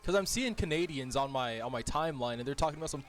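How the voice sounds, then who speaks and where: Animated male gaming streamer, raised voice, lively casual banter, faint game music underneath. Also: fairly high pitch, fast talker, hardly any pauses. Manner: animated, laughs often, jokey chatter with viewers.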